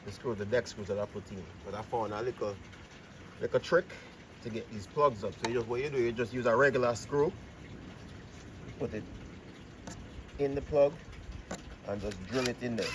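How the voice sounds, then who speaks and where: A man talking casually in a home vlog, chatty and relaxed, often repeating words as he explains a fix on his deck outdoors. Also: medium pitch, moderate pace, long pauses, distant mic. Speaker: vlogger. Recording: noisy outdoor camera audio.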